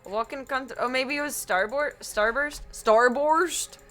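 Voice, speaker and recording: Young woman streamer, bright voice, higher pitch, giggly rambling chat, faint music behind. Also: fairly quick. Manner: giggly, rambling, self-deprecating. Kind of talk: casual live-stream chat.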